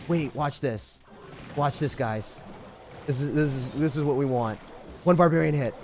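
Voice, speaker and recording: A man giving excited, self-mocking commentary over his own gameplay, full of gamer slang, swinging from hype to groans. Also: on the high side, moderate pace, faint music behind. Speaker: gaming creator.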